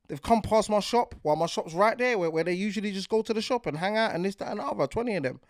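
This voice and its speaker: A London man in his forties talks through a podcast in a loose, rambling way, often checking "do you get what I'm saying". His voice sits a bit high for a man. The sound is dry and close, with no room around it. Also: expressive, quick pace, few pauses, no echo. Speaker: podcast host. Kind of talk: casual podcast talk.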